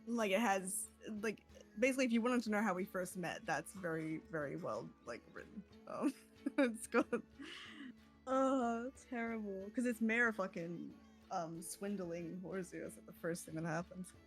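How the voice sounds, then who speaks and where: A woman's voice: medium pitch, animated, normal speed, soft background music. A young woman playing in a tabletop game, chatting casually, laughing often and swearing freely. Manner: giggly, rambling, swears freely. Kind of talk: casual streamed game chat.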